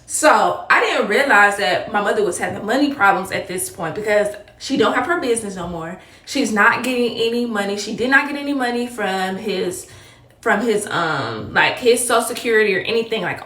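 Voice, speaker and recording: A woman telling a personal story in a casual storytime monologue, animated and talking straight to her viewers. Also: mid-range voice, moderate pace. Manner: animated, addresses viewers as y'all. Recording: echoey room, voice a bit far from mic.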